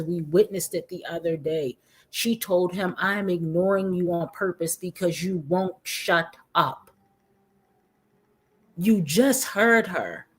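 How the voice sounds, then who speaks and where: A woman with a somewhat low voice runs a casual commentary, chatting directly with her audience. She keeps calling out to the viewers as she talks things over. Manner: chatty, addresses viewers as guys and y'all. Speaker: commentary YouTuber.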